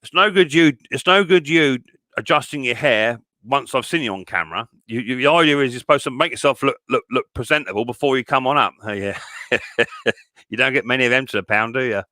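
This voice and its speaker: Bright-voiced chatty man. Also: medium pitch, fairly quick, dry recording, studio quality. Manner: chatty, rambling, full of fillers and restarts. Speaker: livestream host and mower repairer. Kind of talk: casual livestream chat.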